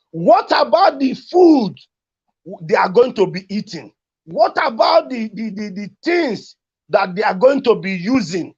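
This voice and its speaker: A man's voice: high-pitched, vocal fry, breathy edge, muffled recording. A man with a Nigerian accent making an impassioned, repetitive appeal for his community. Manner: pleading, repetitive, emotional. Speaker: community advocate.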